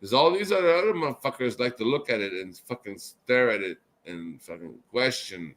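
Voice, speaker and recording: A drunk man hosting a casual chat show, rambling and swearing, swinging between loud outbursts and mumbled asides. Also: mid-range voice. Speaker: show host.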